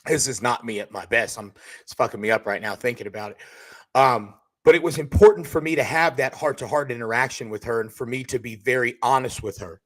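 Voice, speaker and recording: A man, hosting a profane motivational podcast, loud and hyped, turning quiet and emotional. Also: medium pitch, fairly quick. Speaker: podcast host and roofing company owner.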